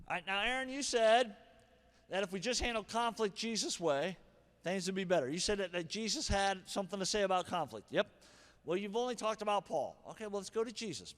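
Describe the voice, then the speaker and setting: A man preaching a sermon as pastor, animated, acting out harsh and gentle examples. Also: fairly high pitch. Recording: long hall reverb.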